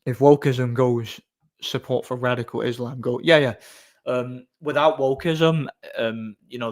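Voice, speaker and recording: A man's voice: medium pitch, fairly even intonation, a little slow. Rambling man chatting on a livestream. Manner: rambling, chuckling, many restarts. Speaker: livestream host. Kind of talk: casual livestream chat.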